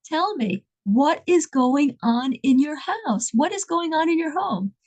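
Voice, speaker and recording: A brisk, businesslike rabbi's secretary phoning in the night, as a woman storyteller puts him on. He speaks in a matter-of-fact, hurried way in a high voice. His questions come short and direct. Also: sing-song, a little mellow. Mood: reassuring.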